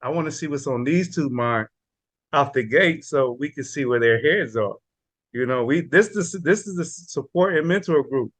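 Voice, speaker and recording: A man's voice: medium pitch, lively intonation, moderate pace, a bit bright, dry recording. A man explaining a support and mentor group in casual, slangy talk. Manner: casual, slangy, repeats words.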